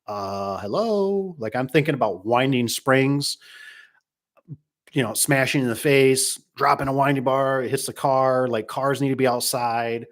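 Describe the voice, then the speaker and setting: A man's voice: medium pitch, a little slow. Rambling middle-aged man, garage door owner. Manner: rambling, acts out quoted people. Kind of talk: casual monologue reading comments.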